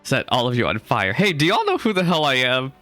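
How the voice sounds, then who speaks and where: A man's voice: medium pitch, huge pitch swings, fast, fairly bright tone, dry recording, faint music behind. A man chatting casually while playing through a game, reading quest lines aloud, laughing and joking as he goes. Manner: chatty, laughs often, swears mildly. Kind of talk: casual let's-play commentary.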